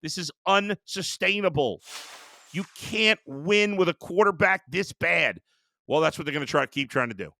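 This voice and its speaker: A man's voice: fairly high pitch, lively intonation, normal speed, vocal fry, pushed and bright, no room sound, clean studio sound. A man hosting a sports show, ranting in a heated, exasperated way about his team. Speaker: sports talk host. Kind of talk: sports rant.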